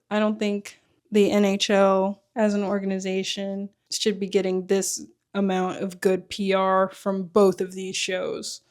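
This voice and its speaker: A woman recapping and critiquing a TV show in a chatty, opinionated way, with lots of casual fillers. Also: mid-range voice. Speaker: vlogger reviewing a TV show. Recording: faint background music.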